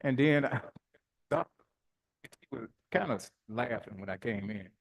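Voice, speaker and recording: A middle-aged man, a bishop, preaching informally with personal stories, animated and colloquial, often laughing as he talks. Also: mid-range voice, moderate pace, gravelly, long pauses.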